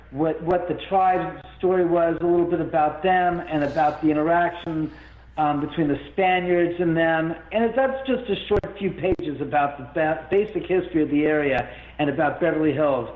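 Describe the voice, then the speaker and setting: A man telling a long story as an interview guest, rambling and animated, with many restarts. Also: fairly high pitch. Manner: rambling, animated, full of restarts and self-quotes. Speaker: guest, haunted-house owner. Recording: phone-like line in an echoey room.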